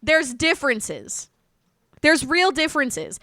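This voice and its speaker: A woman from North Carolina with a North Carolina Southern accent, chatting casually with viewers on a live stream in a rambling, animated way. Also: high voice, a little slow, no room sound, studio quality.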